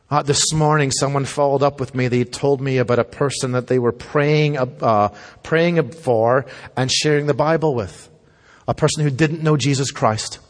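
Man, pastor, emphatic sermon, repeats lines, church hall echo. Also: mid-range voice. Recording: long hall reverb.

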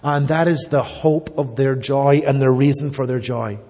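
A man's voice: medium pitch, moderate pace, mellow. A man preaching a sermon, earnest and emphatic, turning at times to speak directly to the children. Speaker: pastor. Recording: long reverb of a church hall.

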